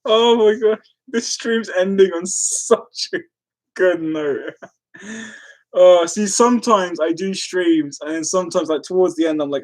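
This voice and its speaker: A woman's voice: lowish voice, unhurried, darkish tone. An Irish woman chatting casually on a live stream, giggling and breaking into frequent fits of laughter.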